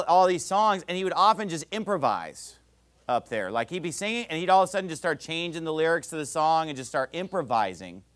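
A middle-aged man delivers a sermon in a fairly high voice. He preaches with fervour and climbs in pitch and force when he presses a point home. Between those peaks he reads scripture aloud to his listeners. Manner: forceful, rising emphasis, reading scripture aloud.

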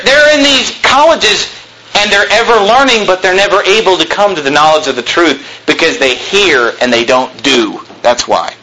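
A man's voice: fairly high pitch, bright, forceful tone, slight background noise, low-quality recording. A man preaching a sermon as a pastor, telling stories animatedly, acting out dialogue and dropping sarcastic asides.

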